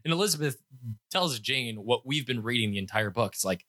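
A young man co-hosting a casual book-discussion chat, enthusiastic and quick to laugh, with stumbling restarts. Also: medium pitch, lively intonation, bright, forceful tone, dry recording, clean studio sound. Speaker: podcast co-host.

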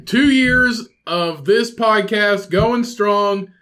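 A man with a high voice co-hosting a casual podcast. He teases his co-host in an offhand way, cursing freely. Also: drawn-out words, sharp tone. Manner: teasing, offhand, swearing.

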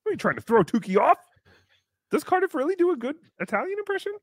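A man hosting a casual live show, excitably chatting and reading out viewer messages. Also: extremely high pitch, fast talker, dry recording, clean studio sound. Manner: excitable, reads out paid messages. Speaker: show host.

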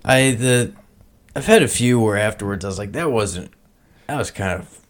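A young man in crude comedic banter, hesitant at first, then tossing out deadpan shock insults. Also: fairly low pitch, moderate pace, a little hiss or hum.

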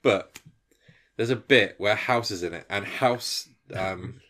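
A man co-hosting a podcast in casual chat, animated and quick to laugh. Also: fairly low pitch. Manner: animated, acts out quotes, laughs easily. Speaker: podcast co-host.

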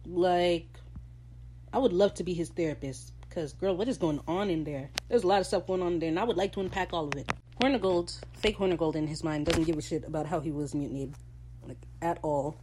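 A woman hosting a podcast, recapping a show in casual, sarcastic, animated rants full of slang. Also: on the low side, fast, slight background noise. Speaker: podcast host.

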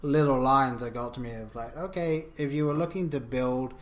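A man's voice: mid-range voice, normal speed. A man, co-hosting a podcast and chatting casually about a film, rambling and correcting himself as he goes. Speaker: podcast co-host. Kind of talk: casual film review chat.

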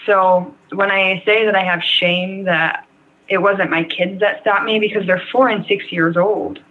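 A woman's voice: mid-range voice, steady tone, measured pace. Frank young woman on a tinny remote line. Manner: rambling, frank, heavy use of "like" and "um". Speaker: guest. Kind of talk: candid personal story in an interview.

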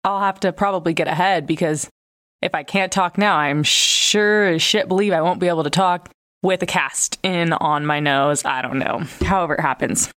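A woman's voice: on the low side, normal speed, fairly bright tone. A woman in her twenties who sounds congested and nasal from a broken nose, chatting candidly and casually as a podcast host, with plenty of fillers and swearing. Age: 20s. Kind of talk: casual chat.

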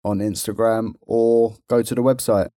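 Brief: a man co-hosting a podcast, jokey banter, mellow tone, dry close sound. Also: fairly low pitch, flat delivery, normal speed, dry recording. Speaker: podcast co-host. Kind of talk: casual chat.

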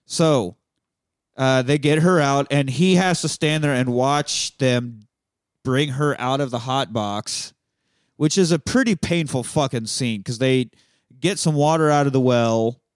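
A man hosting a movie podcast, retelling a film's scenes in casual chat, swearing freely and quick to laugh. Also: mid-range voice, smooth, no room sound, studio quality. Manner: profane, chatty and quick to laugh, acts out quotes.

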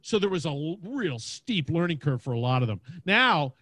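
Booming, energetic man, slightly high voice. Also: normal speed, dry recording. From Louisiana, United States. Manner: big booming voice, energetic, laughs often. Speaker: podcast host and guest. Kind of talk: casual interview chat. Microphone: podcast mic.

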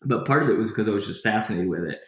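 Talking very fast in a fairly low voice, a male guest energetically recounts his own story in a casual interview. He rambles and keeps restarting sentences. The recording picks up an echoey room.

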